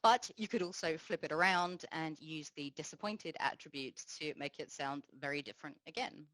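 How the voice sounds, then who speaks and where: A woman speaking low as she delivers a technical conference talk. She explains things in a measured way, with many small pauses and fillers. The sound is close and dry. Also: fairly bright tone, no room sound, rough recording.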